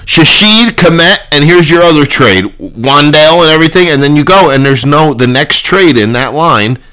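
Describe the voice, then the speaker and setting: A man's voice: a little high, lively intonation, moderate pace, sharp tone. A man co-hosting a podcast in a studio, brash and profane, ribbing his co-host in casual banter. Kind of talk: casual fantasy football banter.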